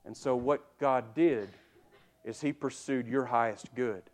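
A man preaching a sermon to a congregation, emphatic and addressing them directly, dropping to a hush and then rising loud, repeating words as he builds a point. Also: mid-range voice, fairly even intonation, measured pace. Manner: emphatic, swinging from hushed to loud.

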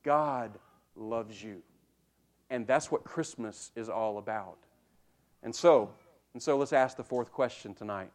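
A man preaching a sermon to a congregation, emphatic and addressing them directly, dropping to a hush and then rising loud, repeating words as he builds a point. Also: medium pitch, normal speed. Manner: emphatic, swinging from hushed to loud.

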